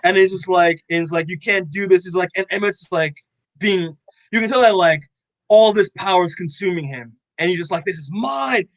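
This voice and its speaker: Young guy gushing about a comic, lots of like and swearing, slightly high voice, dry close sound. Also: brisk, no room sound, rough recording. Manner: excited, loose, heavy on "like" and swearing, acts out quotes. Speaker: podcast co-host. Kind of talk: casual chat recapping a comic.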